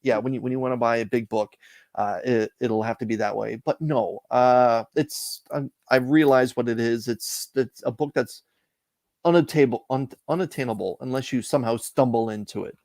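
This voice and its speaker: Man, middle-aged, from Canada, gravelly voice, dry close sound, reflective storytelling. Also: mid-range voice, darkish tone, no echo. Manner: measured, reflective storytelling with frequent "uh" pauses. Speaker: interview guest, comic collector. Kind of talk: casual storytelling interview.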